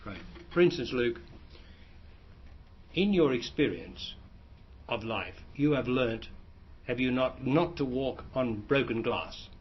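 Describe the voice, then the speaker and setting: Husky guy teaching a crowd, keeps restarting sentences, muffled old tape. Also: mid-range voice, slow, pauses often. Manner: plain explanatory, repeats and restarts phrases. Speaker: spiritual teacher. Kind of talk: answering audience questions. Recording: dull lo-fi recording.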